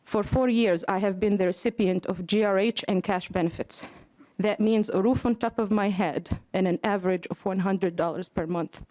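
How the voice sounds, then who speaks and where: A woman's voice: mid-range voice, moderate pace, mellow. Earnest, breathless woman giving testimony. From Africa. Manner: earnest, emphatic. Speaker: testifier at a hearing. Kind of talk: read testimony at a hearing. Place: legislative committee hearing room.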